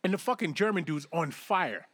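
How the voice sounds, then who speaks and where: Podcast co-host, man, rambling and profane, higher-pitched voice. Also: lively intonation, normal speed, fairly bright tone, slightly rough. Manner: does mocking voices when quoting. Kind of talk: casual chat.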